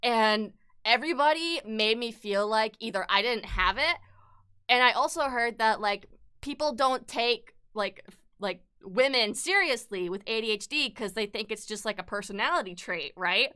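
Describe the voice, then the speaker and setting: Young woman streamer, frank casual chat, smooth and sharp voice. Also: on the high side, expressive, normal speed. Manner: candid and frank, swears freely; upset, close to tears at times.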